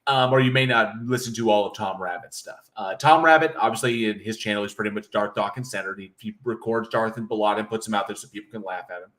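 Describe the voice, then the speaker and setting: A man's voice: fairly low pitch, quick pace, hardly any pauses, fairly bright tone. A man hosting a livestream in casual chat, reading viewer comments aloud and joking with a loose, profane manner. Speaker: livestream host.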